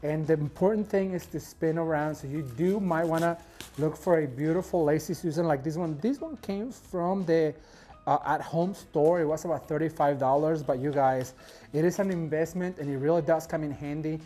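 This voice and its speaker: A man walks viewers through arranging flowers in a relaxed, chatty tutorial. His voice is mellow and soft-edged, and he sounds openly delighted with his work as he talks to "you guys" at home. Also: fairly high pitch, normal speed, soft background music. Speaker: floral design instructor. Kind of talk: casual step-by-step tutorial.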